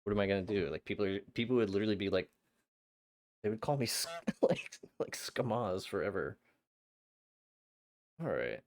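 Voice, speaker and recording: A young man streaming a game, chatting to his viewers in an excitable, flustered way with frequent stammers. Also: lowish voice, fast talker. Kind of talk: casual live-stream chat.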